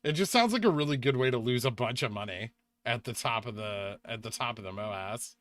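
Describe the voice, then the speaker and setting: A young man hosting a casual livestream, chatting with viewers, reading out donations and making quick asides. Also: mid-range voice, expressive, a bit bright. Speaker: livestream host.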